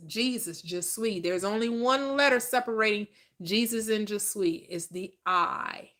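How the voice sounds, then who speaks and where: A woman with a medium-pitched, fairly bright voice speaks a little slowly as a spiritual teacher. She teaches about manifestation like a preacher, emphatic and repetitive, posing questions and then answering them herself.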